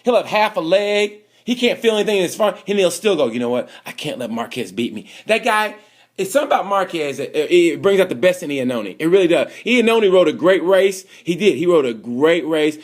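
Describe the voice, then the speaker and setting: Animated rambling man, higher voice. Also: fairly quick. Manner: animated, rambling, swings loud and soft. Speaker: vlogger reviewing motorcycle races. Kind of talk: casual unscripted review. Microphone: home camera recording.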